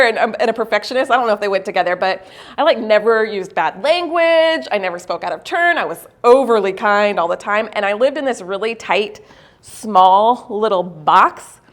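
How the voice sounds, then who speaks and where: A woman speaking live at a university event, telling a personal story in a motivational keynote. Her voice sits a little high. She is animated and self-mocking, laughs easily, and sinks into a slower, earnest register when she makes her point. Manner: slows and drops into a low, earnest voice for the lesson.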